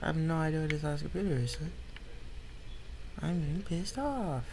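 Gaming youtuber guy, grumbly and slangy, wildly varied pitch, noisy mic with game sounds behind. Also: lively intonation, normal speed, gravelly, a little mellow. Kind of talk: casual gameplay commentary.

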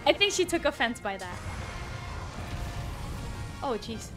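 High, lively excitable woman streamer. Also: takes it slowly, music in the background. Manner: excitable, yelping exclamations and giggles. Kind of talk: live gameplay commentary.

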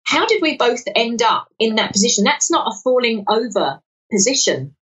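Woman from southwest london, lively storyteller, acts out quotes, muffled faraway mic. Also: on the high side, normal speed. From England, south-west London area. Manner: animated storytelling, acts out quoted dialogue, frequent restarts. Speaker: guest, lottery winner. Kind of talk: casual podcast interview. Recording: dull sound from a distant mic.

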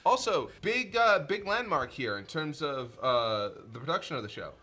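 A man who makes a comedy show, adding measured, informative asides during a creator commentary. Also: a little high, expressive, pushed and bright.

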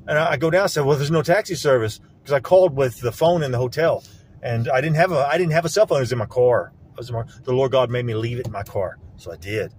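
A middle-aged man records a rambling outdoor vlog on a handheld phone while around a lake. His mid-range voice moves at a quick pace with a darkish tone, and there's slight background noise. He sounds aggrieved and accusatory, repeating himself over and over.

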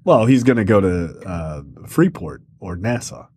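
A man's voice: low-pitched, measured pace, breathy edge, no echo, clean studio sound. A man co-hosting a podcast, joking and laughing while reviewing a film. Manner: animated, joking and laughing often. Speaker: podcast co-host. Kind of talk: casual film review chat.

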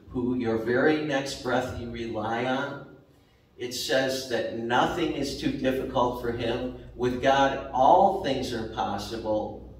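A man preaching a sermon as pastor, slow and repetitive, rising sharply for emphasis. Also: medium pitch. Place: church sanctuary. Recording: very echoey church hall, mic at a distance.

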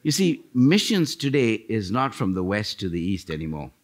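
A middle-aged man from India, preaching a sermon in a church as a guest missionary speaker, telling stories and acting out what people said. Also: normal speed. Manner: animated storytelling, acting out quoted voices, pitch leaping up. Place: church sanctuary.

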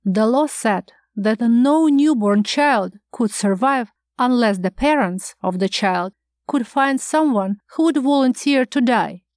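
A woman narrating a short story for an audiobook in a measured, even reading. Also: fairly high pitch, no room sound, clean studio sound.

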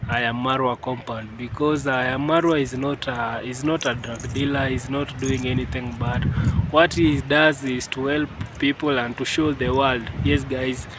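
A man's voice: medium pitch, fairly even intonation, a little slow. A Kenyan man narrating a casual village vlog outdoors, hesitant with many fillers and frequent "yes, guys". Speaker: vlogger. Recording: clear outdoor background noise.

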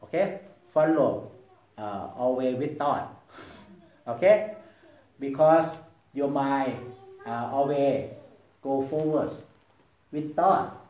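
A man who is a Buddhist monk with a Thai accent, Thai as his first language, guiding meditation slowly and haltingly, repeating words softly and often checking in with "okay?". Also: medium pitch, roomy sound, poor audio. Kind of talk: guided meditation talk. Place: meditation hall at a Buddhist society.

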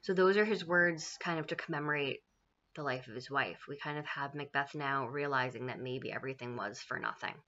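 Woman, teacher, low voice, casual chatty explanation, dull lo-fi sound. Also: fairly quick, bright, forceful tone. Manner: chatty paraphrasing, asks "right?". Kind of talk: casual classroom explanation of a play.

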